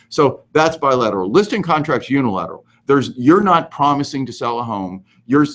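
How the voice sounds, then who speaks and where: A man hosting a live question-and-answer show, giving animated, emphatic advice and explaining the law step by step. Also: medium pitch. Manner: animated, emphatic, goes overboard. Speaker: host answering real estate questions.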